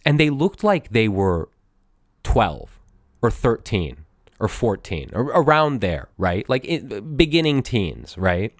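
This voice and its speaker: A man's voice: no room sound, studio quality. A man in his thirties, a podcast host telling a confessional story in a rambling, profane way, full of restarts. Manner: animated, swinging up and down in pitch.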